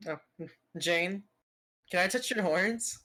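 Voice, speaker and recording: A woman playing a tabletop game who blurts out her lines excitedly. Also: lowish voice, slow pace, slight background noise. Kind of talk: casual game chat.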